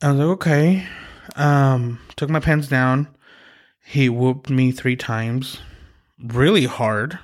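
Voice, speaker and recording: A man from Mexico hosting a podcast, telling a personal story in a halting, reflective way with many pauses and restarts. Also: medium pitch, steady tone. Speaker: podcast host.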